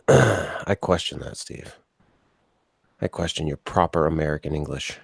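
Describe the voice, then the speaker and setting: Male podcast host, low voice, dry close mic, ribbing his co-host with laughs. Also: unhurried, gravelly, husky, no echo. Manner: teasing, laughs often. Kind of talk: casual banter.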